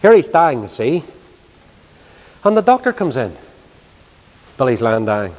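A man preaching a sermon, telling stories in an animated, dramatic way. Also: medium pitch, a little slow, a little hiss or hum. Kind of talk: sermon storytelling. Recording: reverberant hall.

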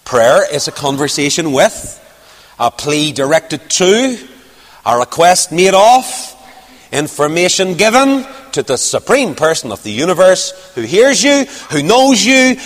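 A man's voice: high-pitched, a bit bright. Emphatic male preacher in a reverberant hall. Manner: emphatic rising repetition. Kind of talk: sermon.

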